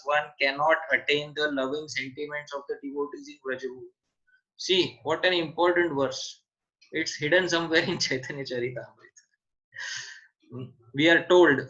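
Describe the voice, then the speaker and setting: A man's voice: a little high, a bit bright, lo-fi sound. A man teaching a scripture seminar online, answering questions and repeating key points with emphasis.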